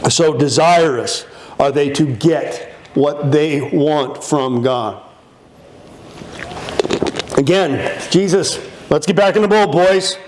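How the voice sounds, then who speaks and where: High-pitched guy preaching, lively and playful, does little voices for the story. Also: takes it slowly, slight background noise. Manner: animated, playful, acts out the disciples in funny voices. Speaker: pastor. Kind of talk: sermon.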